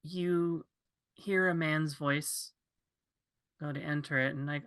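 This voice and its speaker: A game master guides players through a tabletop session, slowly painting a vision with many pauses and fillers. The tone is bright and clear, at a middling pitch. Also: fairly even intonation. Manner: loose, hesitant descriptive narration.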